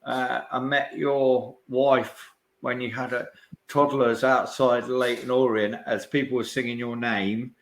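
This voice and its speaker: A man's voice: mid-range voice, flat delivery, a little slow. Rambling male podcast host. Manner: rambling questions with restarts and fillers. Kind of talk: casual interview chat.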